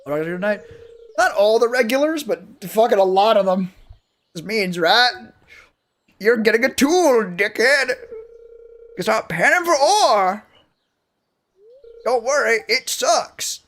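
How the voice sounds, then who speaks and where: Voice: mid-range voice, lively intonation, a little slow, long pauses, a bit bright. A game streamer chatting casually with viewers while playing, rambling and swearing freely. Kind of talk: casual live-stream chat while gaming.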